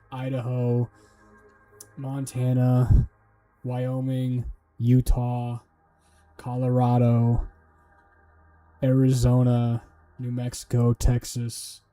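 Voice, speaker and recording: A man's voice: medium pitch, dark tone. A man streaming while he studies, talking to himself casually, swearing and making up silly memory tricks. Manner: muttering to himself, swearing, joking mnemonics. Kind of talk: casual livestream study talk.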